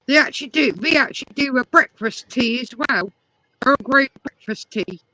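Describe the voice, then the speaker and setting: A woman's voice: high-pitched, moderate pace, bright, forceful tone, rough recording. An English woman chatting casually, explaining things at length. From England. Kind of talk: casual chat.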